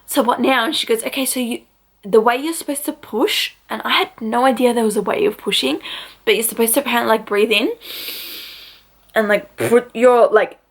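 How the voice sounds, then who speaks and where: A young woman chats to camera in a loose, storytelling vlog, her voice sitting a little high with a gravelly edge. She fills her sentences with "like" and keeps the tone casual and personal. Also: brisk. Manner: chatty, full of "like" fillers. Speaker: vlogger.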